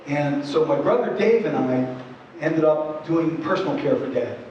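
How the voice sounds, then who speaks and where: Guy presenting to a room, kinda high voice, chatty and earnest, lots of asides, echoey and far from the mic. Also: moderate pace, a little hiss or hum. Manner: earnest, many asides and "you know"s. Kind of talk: conversational storytelling talk. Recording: echoey hall, distant dull mic.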